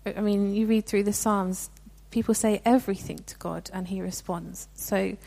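A woman's voice: medium pitch, fairly even intonation, normal speed, vocal fry, warm tone. A young woman giving a sermon in a conversational, earnest way, with frequent restarts. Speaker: preacher.

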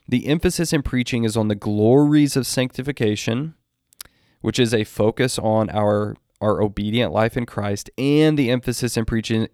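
A man with a fairly low voice talks through a written article and reads long passages from it aloud. He often restarts a sentence mid-thought as he works out his point. The recording is dry and close, with no room sound. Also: a little mellow, no echo. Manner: deliberate, quotes text at length with restarts. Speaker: Christian commentator. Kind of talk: spoken commentary on an article.

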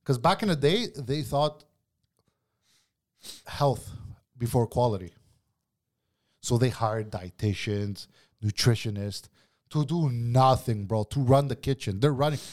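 A man's voice: medium pitch, moderate pace, darkish tone. A man, a kitchen cook telling a work story as a podcast guest, blunt and profane, calling everyone "bro.". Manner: blunt, profane ranting, says "bro" constantly. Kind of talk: casual storytelling chat.

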